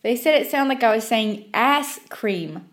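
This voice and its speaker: A woman's voice: a little high, expressive, a little slow. A young woman from Southwest Virginia with an Appalachian accent, narrating personal stories in a wry, self-deprecating way. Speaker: storyteller podcast host. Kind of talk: scripted story narration.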